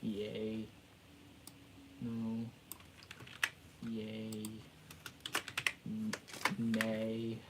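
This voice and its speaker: A man's voice: mid-range voice, animated, a little slow, pauses often, noisy background. Guy streaming and chatting casually, rambly, jokes around, laughs at himself, regular mid voice. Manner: rambling and self-joking, with frequent restarts and laughs. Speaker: livestream host. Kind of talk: casual livestream chat.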